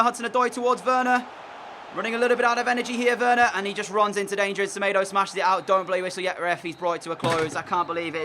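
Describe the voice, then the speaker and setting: A man's voice: high voice, bright, forceful tone, slight background noise. A man giving casual commentary over his own football video game, frustrated and groaning at mistakes. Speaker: gaming commentator.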